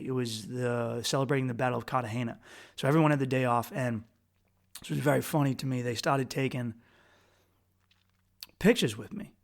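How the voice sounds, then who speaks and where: A man from the United States hosting a podcast, telling a travel story in a rambling, crude, self-mocking way with quick restarts. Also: mid-range voice, fairly bright tone. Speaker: podcast host. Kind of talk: casual storytelling monologue.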